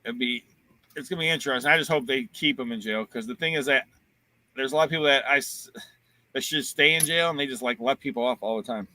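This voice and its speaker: A man's voice: medium pitch, quick pace, pushed and bright. A man from Ohio hosting a casual livestream, joking around and reading viewer comments aloud. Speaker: livestream host and auctioneer.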